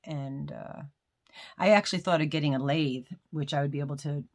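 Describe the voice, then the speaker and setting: A low-pitched woman talks through a casual unboxing at home, rambling from one story to the next. She often restarts her sentences and pokes fun at herself. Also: a little fast. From United States. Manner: rambling, chatty, self-deprecating with frequent restarts. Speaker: crochet vlogger.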